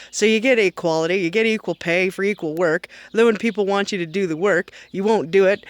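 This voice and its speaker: A man's voice: high voice, no echo. A man playing a brash foul-mouthed middle-aged mom, ranting sarcastically and mockingly to the camera in a comedic vlog. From Canada. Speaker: comedy vlogger.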